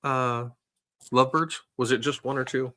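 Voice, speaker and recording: Bright-voiced man chiming in casually. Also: medium pitch, steady tone, normal speed. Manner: chatty, adds side remarks and ideas. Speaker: co-host. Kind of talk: casual live-stream chat.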